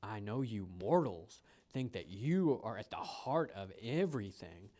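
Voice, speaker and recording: A man's voice: on the low side, sing-song, a little slow, warm tone, voice pushed down. A man voicing a stern, haughty otherworldly male guide creature while reading a game script aloud. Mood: scolding.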